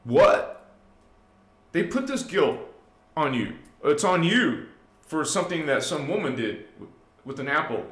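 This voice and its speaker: A man hosting a live spiritual talk, preaching emphatically to his listeners and swinging from hushed to loud. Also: a little high, big pitch swings, moderate pace, reverberant. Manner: preachy, addresses listeners directly. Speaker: spiritual channel host.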